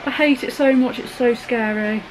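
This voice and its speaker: A woman's voice: a little high, normal speed, very noisy. Jumpy young woman reacting. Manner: jumpy, gasping and squealing, chatty. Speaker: vlogger. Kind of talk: reaction vlog.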